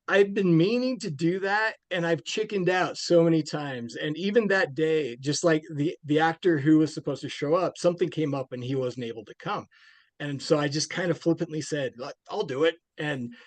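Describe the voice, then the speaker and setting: A man's voice: a little high, no echo. A man, a film director being interviewed, talking casually and rambling with many restarts and fillers.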